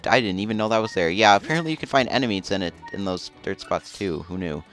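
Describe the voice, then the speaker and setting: A man's voice: lowish voice, quick pace, few pauses, a bit bright, soft background music. A man casually commenting as he plays a video game, rambling and chatty. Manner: rambling, chatty, often laughing. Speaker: let's play host.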